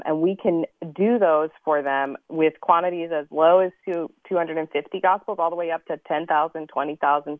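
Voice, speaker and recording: A woman's voice: low voice, no room sound. A woman calls into a radio show and explains a program in a businesslike way. Her voice comes through a tinny, dry phone line. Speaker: ministry membership director. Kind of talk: guest on a radio interview.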